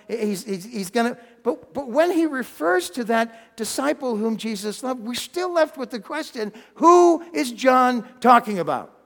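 Man preaching, high voice, animated, loud bursts and hushed lines, reverberant hall. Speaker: pastor. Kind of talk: sermon.

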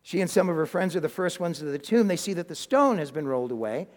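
Pastor, man, high-pitched, storytelling sermon with long hall reverb, swings from loud to hushed. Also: fast. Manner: animated storytelling, drops to a near-whisper for emphasis; chuckles and restarts sentences.

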